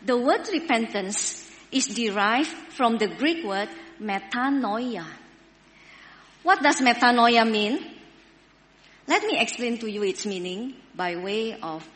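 A woman preaching a sermon, speaking slowly and deliberately and putting questions to her listeners. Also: a little high, lively intonation, fairly bright tone, big-room sound. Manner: slow, deliberate, asks the audience questions.

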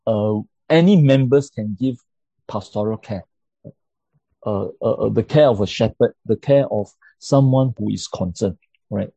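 A low, gravelly man leads a church class on grief and pastoral care, stopping often to check in with his listeners. His voice is husky and dark, with many fillers and restarts, and it comes through a dull, lo-fi recording. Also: no echo. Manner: checks in often with tag questions like "right?"; halting, with many fillers and repeated words. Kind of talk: interactive lecture with slides.

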